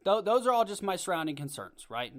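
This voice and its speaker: A man hosts his podcast from a home microphone, ranting with blunt conviction. His voice sits a little high, and he stumbles and restarts as his thoughts run ahead of him. The tone is casual and opinionated throughout. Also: sing-song, brisk, fairly bright tone. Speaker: podcast host. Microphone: home podcast mic.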